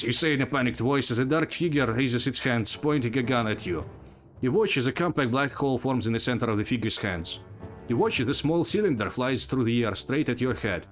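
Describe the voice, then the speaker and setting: A man narrating a text adventure out loud, his pitch rising and falling in a lively way. He tells the story with little asides of his own. Faint music plays underneath. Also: brisk. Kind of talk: dramatic read-aloud of a text game.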